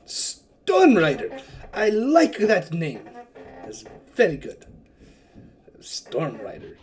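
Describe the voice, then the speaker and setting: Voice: mid-range voice, wildly swooping pitch, drawn-out words, faint music behind, full character voice. A game master voicing an outspoken, effusive male merchant prince in a tabletop game. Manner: loud, grand welcoming speeches. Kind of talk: tabletop game role-play.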